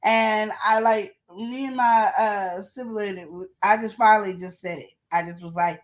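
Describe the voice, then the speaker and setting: A woman's voice: medium pitch, fairly even intonation, normal speed, few pauses. A woman co-hosting a live relationship advice stream, talking in a casual, emphatic way with slang and repeated questions. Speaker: co-host of a live advice show.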